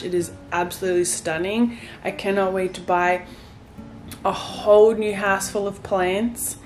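A young woman vlogging to her viewers from a bright white bedroom, talking candidly and a little wearily as if on a casual video chat. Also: medium pitch, measured pace. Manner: tired, candid and rambling. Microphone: phone camera, close. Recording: faint guitar music underneath.

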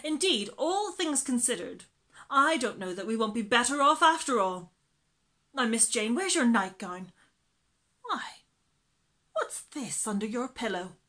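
A woman voicing a bustling elderly household cook in a storybook, loud and fussy. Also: a little high, very animated, a little slow, long pauses, heavily acted. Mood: bossy.

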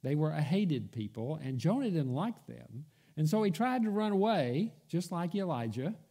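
A man's voice: a little high, very animated, moderate pace, mellow, breathy edge. A man preaching a sermon, telling the story in a storytelling manner, acting out the quoted voices and dropping almost to a whisper for emphasis. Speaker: pastor. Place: church.

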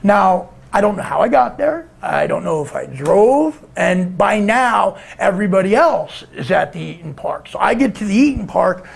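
A man telling a rambling, profane story in a casual way, breaking into shouts now and then. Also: high voice, expressive, normal speed, creaky, few pauses, slightly rough. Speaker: guest storyteller.

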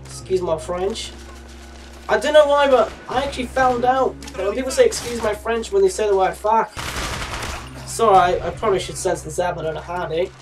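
A man's voice: sits high, fairly quick, far from the mic, soft background music. Young man rambling in a put-on Australian accent. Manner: rambling, chatty, swears casually. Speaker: gaming YouTuber. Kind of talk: gameplay commentary.

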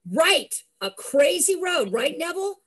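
An older woman telling a personal story in a lively way, acting out the voices of the people in it. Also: very high voice, unhurried. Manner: lively, acts out voices, laughs. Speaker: storyteller host.

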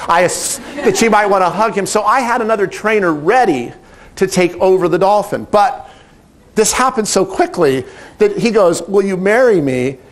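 A middle-aged man who directs animal training, telling a story in a lively, animated way and acting out the quotes. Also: sits high. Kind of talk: storytelling talk.

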